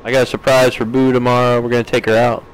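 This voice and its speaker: A man's voice: medium pitch, little pitch movement, fast, clear, resonant tone, low-quality recording. Chatty man streaming a farming game. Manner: chatty, reads out and answers chat, laughs often. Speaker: gaming streamer. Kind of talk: casual live-stream chat.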